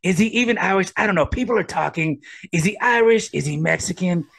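A man's voice: sits high, a little fast, creaky, fairly bright tone, voice pushed up, heavily acted. A man putting on the voice of a brash, blustering middle-aged politician who boasts and throws repetitive jabs. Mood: mocking.

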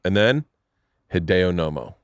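A man hosting a podcast, telling long animated stories in casual chat, swearing freely. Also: deep voice, measured pace, dry recording, studio quality. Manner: animated, profane storyteller doing voices. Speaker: podcast host.

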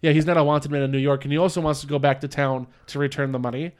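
Talking fast with little pitch movement, a man with a smooth, high-leaning voice hosts a podcast chat recapping a movie. His delivery is rambling, full of fillers and restarts, and he acts out lines from the story.

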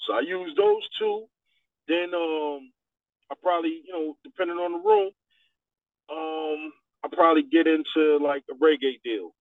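Male DJ guest, animated storyteller, dry tinny phone-like sound. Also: on the high side, moderate pace, gravelly, no room sound. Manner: animated storyteller, acts out quotes. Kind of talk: radio interview.

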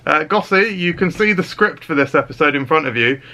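A man's voice: fairly high pitch, animated, a little fast, pushed and bright. A man hosting a comedy podcast, telling absurd stories in a mock-serious, sweary way. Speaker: podcast host. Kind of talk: deadpan comedy podcast banter.

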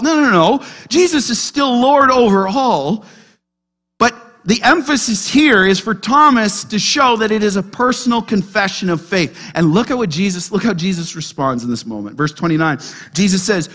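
A man preaching a sermon as pastor, emphatic, dropping quiet then crying out loud. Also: high-pitched, lively intonation, moderate pace.

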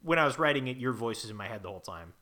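A man's voice: mid-range voice, expressive, very fast, pushed and bright. A man co-hosting a comedy podcast, playing an awkward, eager character in an improvised scene, rambling with fillers.

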